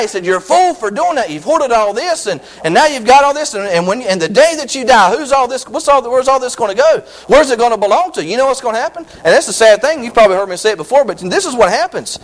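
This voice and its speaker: Animated preacher man, high voice. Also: poor audio. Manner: animated preaching, repeats phrases for emphasis; slow drawn-out scripture reading. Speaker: pastor. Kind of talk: sermon.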